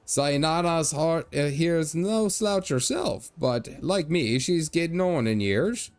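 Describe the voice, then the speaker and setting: Aging, boastful stage-Irish trader, voiced by a man, raised and lively, hearty. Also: on the high side, slow, dry recording, voice pushed up. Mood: blustering jolly. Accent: put-on stage Irish. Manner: hearty, blustering, old-fashioned phrasing. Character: aging jolly male merchant, boastful, fussy. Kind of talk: reading game dialogue aloud.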